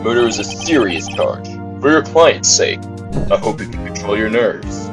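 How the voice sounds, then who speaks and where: A man voicing a stern elderly judge in formal, measured speech while reading a game aloud. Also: fairly low pitch, lively intonation, natural voice. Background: game music.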